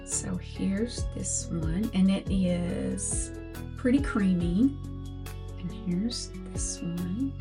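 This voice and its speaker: A woman's voice: medium pitch, vocal fry, music in the background. An older woman giving a chatty makeup tutorial as a beauty vlogger, talking through products one by one. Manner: slow, chatty product talk.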